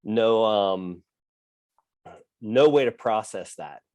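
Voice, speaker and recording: A man co-hosting a podcast, telling a personal story in a low voice. He talks in halting starts full of fillers, with a fatherly tone, recorded dry and close. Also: darkish tone, clear, resonant tone, no room sound. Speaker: podcast co-host.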